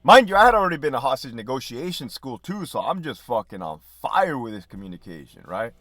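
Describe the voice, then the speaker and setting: Profane, animated storyteller man. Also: medium pitch, brisk, no room sound. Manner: profane, animated storytelling with laughs and quoted dialogue. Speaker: podcast host, former prison officer. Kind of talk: casual storytelling.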